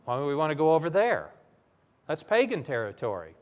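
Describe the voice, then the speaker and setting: A preacher voicing scared fishermen protesting. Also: male voice, a little high, wildly swooping pitch, a little fast. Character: frightened adult male fishermen, protesting.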